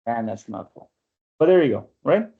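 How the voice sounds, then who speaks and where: Expressive and slightly rough, the instructor's medium-pitched voice runs at normal speed. His online poetry workshop lecture proceeds step by step, with frequent checks of "right?" It's lo-fi audio from a video call mic.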